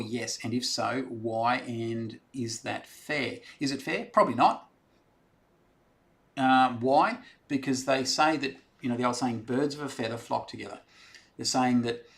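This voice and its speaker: An Australian man hosting a live stream, casually chatting and answering viewer questions in a rambling, friendly way. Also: mid-range voice. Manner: chatty, rambling, reads out comments and answers them.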